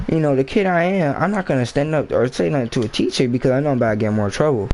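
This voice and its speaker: A man's voice: medium pitch, rapid-fire, few pauses, darkish tone, a little hiss or hum, poor audio. A man telling a school story in a rambling, slangy, casual storytime vlog. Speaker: vlogger.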